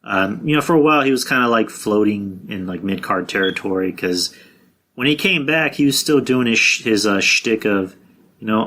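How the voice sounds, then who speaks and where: Guy doing a casual podcast rant, swears a lot, bright punchy voice. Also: fairly low pitch, lively intonation, moderate pace. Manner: blunt and profane, with frequent restarts. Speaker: podcast host. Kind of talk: casual wrestling predictions monologue.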